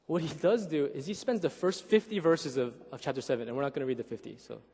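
A man in his thirties preaches in a casual, animated way, with a slightly raised voice. He keeps checking in with the listeners, and his words ring through a long, reverberant hall. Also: fairly high pitch, fast, breathy edge. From Korean heritage. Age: 30s. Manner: animated, keeps asking "right?", acts out voices. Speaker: pastor. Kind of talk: conversational sermon.

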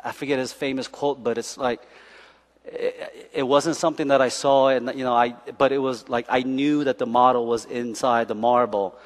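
Joking pastor in a reverberant church. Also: male voice, medium pitch. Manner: animated and joking, checks in with "okay?" and "right?". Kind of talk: sermon. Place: church sanctuary. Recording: long church hall reverb.

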